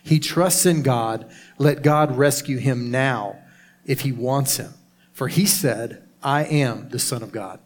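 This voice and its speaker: Male pastor, mid-pitched voice, steady measured scripture reading. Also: slight background noise.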